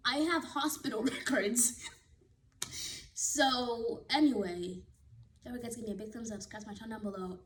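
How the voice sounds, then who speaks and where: High-voiced woman telling a dramatic story. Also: normal speed, pauses often, a little hiss or hum, rough recording. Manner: animated, dramatic retelling. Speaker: vlogger. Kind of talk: casual storytime.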